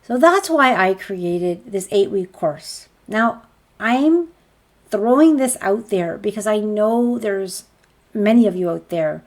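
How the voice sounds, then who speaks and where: A woman speaking as a spiritual healer on a group healing call, earnest and encouraging, often piling up rhetorical questions. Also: mid-range voice.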